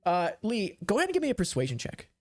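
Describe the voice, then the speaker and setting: A man's voice: high-pitched, wildly swooping pitch, quick pace, darkish tone, dry recording, soft background music. A man narrating a tabletop game as game master, casual and full of fillers.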